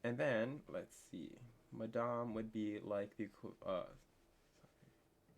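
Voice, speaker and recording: A young man teaching a casual online French lesson, chatty and full of fillers, slowing down to spell out words. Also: lowish voice, gravelly.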